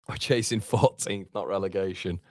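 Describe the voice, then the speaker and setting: Chatty football fan host. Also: male voice, deep voice, moderate pace, a little mellow, dry recording, studio quality. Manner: chatty, reads out viewer comments, reacts to match. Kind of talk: live football watchalong chat.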